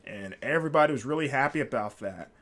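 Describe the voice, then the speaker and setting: A man hosting a solo podcast, talking casually at a middle pitch. He rambles and restarts often, with plenty of fillers, and he sounds openly enthusiastic. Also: lively intonation, fast, fairly bright tone. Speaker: podcast host.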